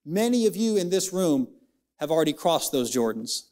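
Man preaching, high voice, young adult, dramatic swings, church sermon. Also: sing-song, darkish tone. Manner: preaching with big swings of pitch, dramatic slowdowns. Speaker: pastor. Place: church sanctuary.

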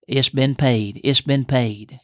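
A man voicing a softhearted milkman in an earnest, storytelling way, with a dry, close sound. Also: mid-range voice, steady tone, slow pace, no echo.

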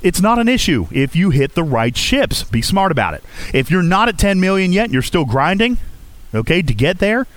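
A man's voice: sits high, very animated, moderate pace, dry recording. A man hosting a gaming podcast, talking casually and coaching listeners, often checking in with "okay?". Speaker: podcast host.

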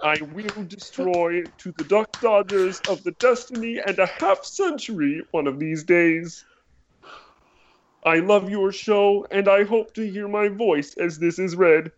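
A man's voice: high-pitched, unhurried, highs cut off, pitched above the performer's own voice. A man impersonating a small, fussy male Martian cartoon villain, speaking in a prim, clipped, overly polite way.

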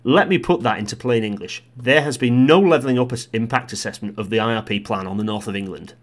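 A man doing an impression of a northern English male politician with a Yorkshire accent and a low, measured reading voice. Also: lightly acted. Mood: earnest.

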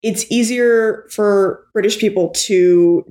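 A woman's voice: mid-range voice, takes it slowly, mellow. A woman in a casual chat, talking with hesitant restarts and frequent laughs.

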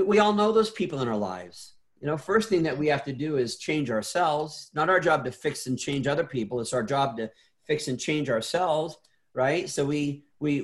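Middle-aged male guest, earnest storyteller, a bit high-pitched, trips over repeats. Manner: earnest, repeats words, many restarts. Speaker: interview guest. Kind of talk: casual interview storytelling.

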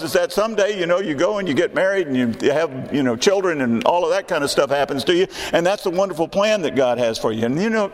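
A man's voice: sits high, big-room sound. A man in his sixties preaching a sermon in a church, emphatic and repeating his key questions. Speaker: pastor. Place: church sanctuary.

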